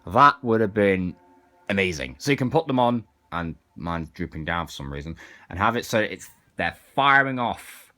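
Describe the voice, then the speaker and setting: A man's voice: sits low, animated, moderate pace, bright, forceful tone. A man casually reviewing an action figure, chatting as he demonstrates its parts. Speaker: toy reviewer.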